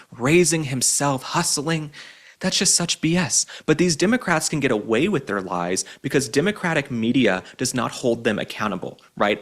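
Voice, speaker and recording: A young adult man with a mid-range, somewhat bright voice hosts an opinion commentary show. He comes across as sarcastic, mocking and emphatic.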